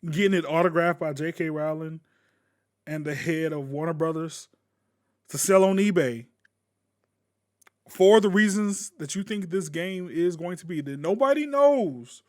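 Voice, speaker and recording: A man ranting casually to camera as a gaming YouTuber, blunt and profane, with sudden loud bursts. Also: fairly high pitch, a little slow.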